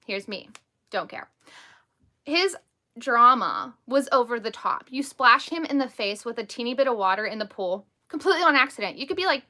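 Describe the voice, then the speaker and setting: Bright-voiced blunt woman live-streaming. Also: on the high side. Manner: blunt, emphatic, defiant; heavy use of "like" and "over the top". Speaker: host and stepmother. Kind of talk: casual live-stream storytelling.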